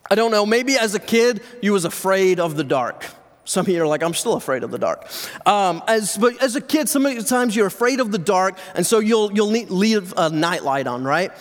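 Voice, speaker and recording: A male pastor giving a sermon in a conversational, joking way to his congregation. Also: high-pitched. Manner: conversational preaching, jokes with congregation. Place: church sanctuary with live audience. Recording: reverberant hall sound.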